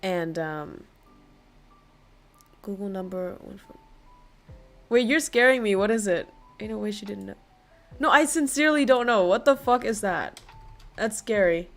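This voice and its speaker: A woman livestreamer chatting casually with her viewers, excitable, laughing often and swearing freely. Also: medium pitch, measured pace, long pauses, soft background music.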